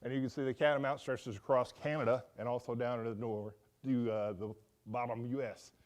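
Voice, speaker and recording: A man teaching a Sunday school class in an informal, animated way, acting out quotes with folksy asides. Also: medium pitch, fairly quick.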